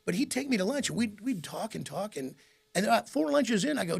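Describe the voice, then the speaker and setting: Midwest radio guy, super gravelly n husky, bit high, tells stories and does the voices. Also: a little fast. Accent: American Midwest. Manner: animated storyteller, acts out quotes, laughs often. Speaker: radio host and guest. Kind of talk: casual interview storytelling.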